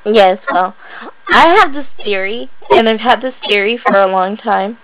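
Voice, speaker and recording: A woman's voice: medium pitch, moderate pace, fairly bright tone, low-quality recording. A woman co-hosting a podcast, chatting casually about a movie, laughing often and floating playful theories. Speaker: podcast co-host.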